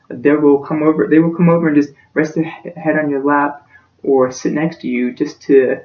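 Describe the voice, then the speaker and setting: Young man, fairly high voice, heartfelt class speech, roomy echo, muffled mic set back. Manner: earnest and emotional, voice close to breaking. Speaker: student giving a class speech. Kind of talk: practice persuasive speech. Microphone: self-recorded from a distance. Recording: echoey room, distant dull-sounding mic.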